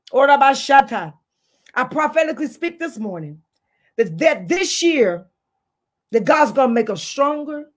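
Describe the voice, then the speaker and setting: A woman's voice: sits high, fairly bright tone. A woman pastor preaching a fervent online sermon full of repeated declarations, tearful and near crying at times. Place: online service, speaking to a screen.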